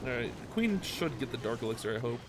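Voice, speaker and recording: A man's voice: mid-range voice, fast talker, slight background noise. Chatty man rambling over gameplay. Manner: chatty, rambling, self-mocking, excitable outbursts. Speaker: gaming YouTuber. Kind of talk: live gameplay commentary.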